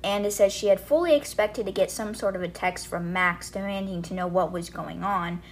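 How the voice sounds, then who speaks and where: A woman's voice: medium pitch, slight background noise. A young woman hosting a book podcast, casually retelling chapters and reading quoted lines aloud, with lots of fillers like "like" and "and then she's like". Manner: chatty, filler-heavy retelling with quoted dialogue.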